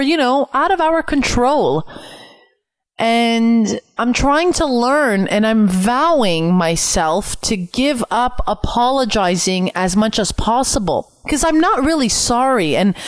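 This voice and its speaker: Recorded dry, a slightly high female voice belongs to a young Canadian podcast host talking solo in a home room whose window is open. Earnest and reflective, she repeats phrases to stress her points.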